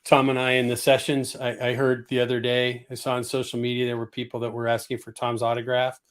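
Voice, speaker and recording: Man, host, flat intonation, friendly, halting, casual webcast. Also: mid-range voice.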